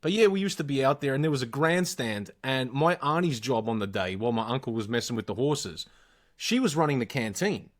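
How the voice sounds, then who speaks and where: A man's voice: mid-range voice, fairly quick. Swearing Australian man telling stories. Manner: swears freely, animated anecdotes. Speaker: podcast co-host. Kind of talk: casual storytelling chat.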